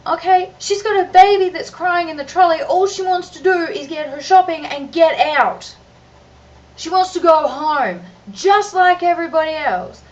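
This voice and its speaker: A woman's voice: very high-pitched, moderate pace. A mother ranting to her vlog camera, exasperated and emphatic, often restarting her sentences. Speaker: mother and vlogger. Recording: distant, dull lo-fi recording with faint noise.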